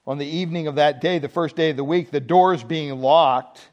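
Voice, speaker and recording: A male pastor giving a Sunday sermon, animated and humorous, asking the congregation rhetorical questions. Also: on the high side, moderate pace, dull audio.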